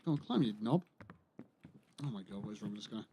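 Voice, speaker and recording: A man's voice: on the low side, expressive, fast talker, mellow, slight background noise. A man chatting casually while playing a game on a livestream, muttering to himself and swearing dryly, close to his microphone. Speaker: streamer. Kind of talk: casual gameplay livestream commentary.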